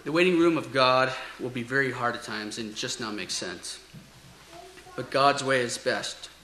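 A man preaching as a pastor, reading scripture and reciting a poem in an earnest, measured, dramatic way. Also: mid-range voice, bright, forceful tone. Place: church sanctuary. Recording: echoey church room, faint hiss.

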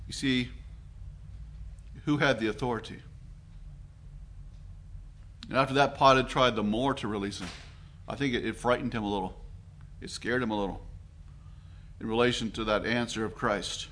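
A man from Canada preaches a sermon in an earnest, reflective way. He often pauses, fills gaps and restarts his phrases as he thinks aloud. His voice sits at a middle pitch for a man. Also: steady tone, slight background noise. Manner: earnest, reflective, with frequent fillers and restarts, growing quieter and slower.

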